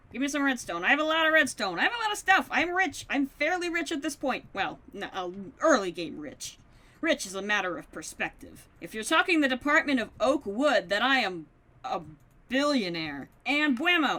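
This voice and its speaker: Her voice fairly high, bright, and forceful, a woman casually comments on her modded game as a let's-play. She chats with mobs, hurls playful, mock-dramatic taunts at them, and walks herself through crafting.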